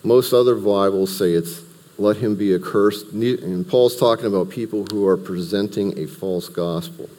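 A man's voice: on the low side, steady tone, moderate pace, few pauses, warm tone, in a large hall. A man teaching a Bible study, talking through the text verse by verse in a conversational way with asides and restarts.

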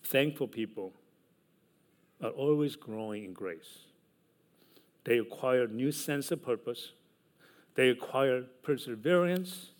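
Male pastor, unhurried sermon delivery with loud emphatic peaks and hushed asides; mid-pitched voice.

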